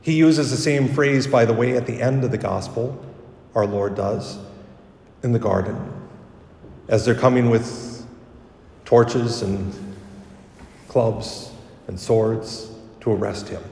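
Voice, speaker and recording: A man's voice: medium pitch, takes it slowly, gravelly, pauses often. A priest giving a conversational homily, correcting himself and livening up when he quotes people. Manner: conversational, self-correcting, animated when quoting. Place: church. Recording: echoey church from a distance.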